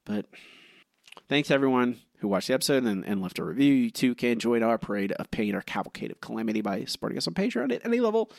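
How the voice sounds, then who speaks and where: Podcast co-host, male, mid-pitched and very expressive, dry booth sound, casual and self-mocking. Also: vocal fry, no room sound. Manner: animated, self-deprecating, halting restarts. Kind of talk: casual podcast chat, reading listener reviews.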